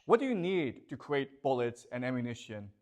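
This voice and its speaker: A man's voice: mid-range voice, very animated, normal speed, a little mellow. A man giving a classroom lecture, posing rhetorical questions and constantly checking that his students follow.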